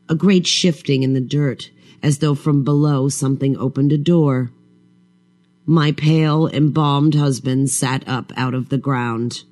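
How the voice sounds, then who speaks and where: A man reading a first-person horror story in a slow, measured, brooding way. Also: medium pitch, fairly even intonation, darkish tone. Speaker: audiobook narrator.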